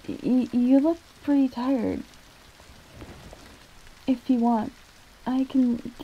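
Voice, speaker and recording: A woman's voice: a little high, dark tone, a little hiss or hum, rough recording. A woman in whispered role-play as a shy, stammering catgirl reading a book aloud to a listener. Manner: stammering, timid. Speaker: ASMR roleplayer.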